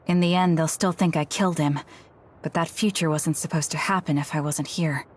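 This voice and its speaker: A woman's voice: low voice, steady tone, fairly quick. An actress playing a driven young woman in a game, speaking tensely and with firm resolve. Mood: resolute. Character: driven young woman set on a grim duty.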